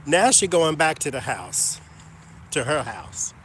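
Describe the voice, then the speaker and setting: A man telling a story to his viewers in an animated, gossipy and emphatic way. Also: a little high, takes it slowly, a little hiss or hum. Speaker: vlogger. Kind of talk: casual storytelling to camera.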